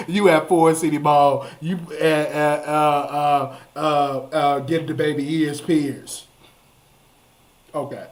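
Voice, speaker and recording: A man, hosting a live call-in show in a chatty, animated way, repeating words for emphasis. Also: on the high side. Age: 30s. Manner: animated, drawn-out exclamations and repetitions. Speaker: host. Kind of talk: casual live show monologue.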